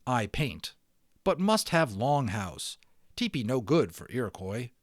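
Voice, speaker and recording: A man's voice: mid-range voice, sing-song, a little slow, no room sound, clean studio sound. A man voicing a stern, clipped tiny warrior. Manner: clipped broken phrases, commanding. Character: stern terse miniature warrior man come to life.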